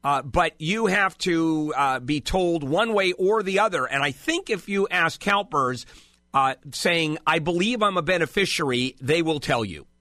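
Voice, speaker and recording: A man's voice: fairly high pitch, expressive, measured pace, bright, forceful tone, dry recording, studio quality. A man hosting a call-in legal advice radio show, blunt and impatient, cutting in on callers.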